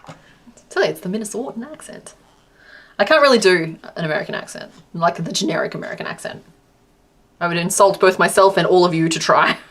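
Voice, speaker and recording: A woman's voice: on the low side, brisk. An Australian woman chatting casually on a live stream while she crochets, answering her chat and laughing often.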